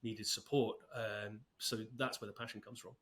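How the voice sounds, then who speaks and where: A man in his fifties speaks as a podcast guest in relaxed, conversational talk. He is chatty and easygoing, with a self-deprecating, lightly humorous touch. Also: fairly low pitch, normal speed. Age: 50s. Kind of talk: casual interview talk.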